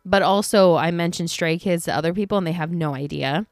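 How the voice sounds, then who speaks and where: A woman's voice: lowish voice, a little fast, no room sound, clean studio sound, soft background music. A woman hosting her own podcast from her home office, telling stories in a casual, chatty way, acting out what people said and swearing now and then. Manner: chatty storytelling, acts out quotes, swears. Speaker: podcast host. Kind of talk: casual chat.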